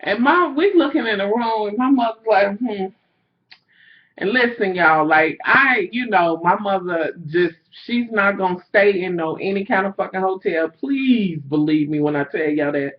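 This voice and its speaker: A young woman telling a story to her viewers in a casual, profane rant, swinging between low asides and loud outbursts. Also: lively intonation, normal speed, few pauses, highs cut off.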